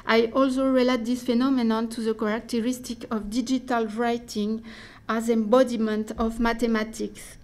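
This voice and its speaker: A woman's voice: fairly high pitch, level tone, a little mellow. Woman reading a dense academic talk. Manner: careful, deliberate delivery with restarts and hesitations. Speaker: academic speaker.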